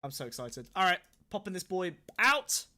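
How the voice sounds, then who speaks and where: Man, sore throat, casual stream chatter, swearing rants, bright tone. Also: high voice, sing-song, moderate pace. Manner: swearing, ranting, mock-angry banter. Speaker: streamer host. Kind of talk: casual livestream commentary.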